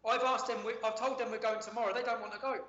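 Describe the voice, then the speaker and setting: A man's voice: very high voice, little pitch movement, rapid-fire, fairly bright tone. A man giving an emphatic, indignant account as a guest in a remote interview, often repeating words as he speaks. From England. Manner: emphatic, indignant storytelling with frequent word repeats. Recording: echoey, dull lo-fi sound.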